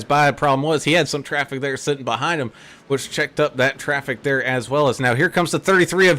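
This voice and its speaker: A man calling play-by-play for a sim race, who gets excitable at wrecks. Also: brisk. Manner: excitable, jumps high at crashes. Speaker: race commentator. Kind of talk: play-by-play commentary.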